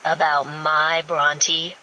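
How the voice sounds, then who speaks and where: A woman's voice: low-pitched, normal speed, sharp tone, slight background noise, low-quality recording. A woman voicing a tense, lovesick billionaire man who sounds strained and urgent.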